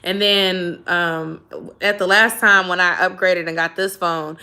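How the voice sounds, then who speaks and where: A woman's voice: fairly low pitch, fairly even intonation, a little slow, sharp tone, clean tone. A woman vlogger in casual chat, rambling along with lots of fillers. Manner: chatty, rambling with many fillers.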